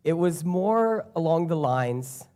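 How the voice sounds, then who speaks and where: An earnest preacher delivers a sermon in a voice of middling pitch. Key phrases come back again and again for emphasis, in a plain, direct way of talking to a congregation. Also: lively intonation, slow pace, warm tone.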